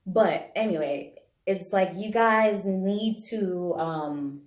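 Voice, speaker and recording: A woman giving a casual pick-a-card tarot reading to camera, chatty and animated, laughing often and talking straight to viewers. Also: mid-range voice, takes it slowly, reverberant. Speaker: tarot and bone-throwing reader.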